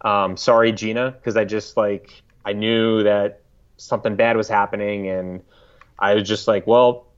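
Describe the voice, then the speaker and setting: A man in his thirties with a low voice tells his story as an interview guest. He speaks in a halting, reflective way, restarting sentences as he searches for words. The audio is slightly dull and lo-fi. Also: level tone. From United States. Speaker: podcast guest.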